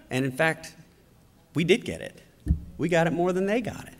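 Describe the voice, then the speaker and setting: A middle-aged man giving a storytelling political speech at a conference, with an animated, anecdotal delivery. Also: on the high side, normal speed. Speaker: conference speaker. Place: large conference hall. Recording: long hall reverb.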